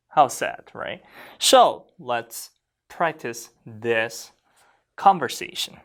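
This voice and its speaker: Lively-pitched Korean language teacher. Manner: models Korean phrases slowly for learners to repeat; lively, questioning classroom delivery. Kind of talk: explaining grammar to learners.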